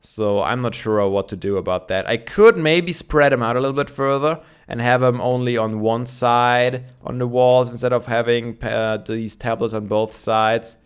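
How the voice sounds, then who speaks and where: Young male let's player, smooth clear voice, rambling casual commentary, morning voice. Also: medium pitch, normal speed, hardly any pauses. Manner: chatty, thinking aloud with many fillers.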